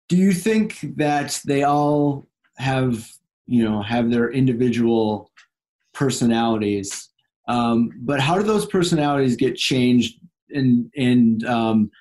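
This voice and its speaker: A man's voice: medium pitch, measured pace, a little mellow. A man interviewing a guest, asking questions in a hesitant, searching way.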